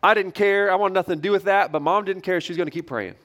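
A middle-aged male pastor preaching a sermon from a church stage, telling stories in a conversational way that swings between loud and quiet. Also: high voice, quick pace. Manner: conversational storytelling with lively shifts in loudness.

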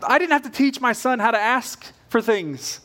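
Man, pastor, earnest conversational sermon, high voice, middle-aged. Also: animated, moderate pace, fairly bright tone.

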